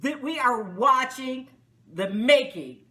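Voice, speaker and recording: High, lively, bright-voiced woman vlogger. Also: slow pace, a little hiss or hum. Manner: animated, exasperated, outspoken, frequent laughter. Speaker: reality TV reviewer, vlog host. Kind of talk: casual spoken show review.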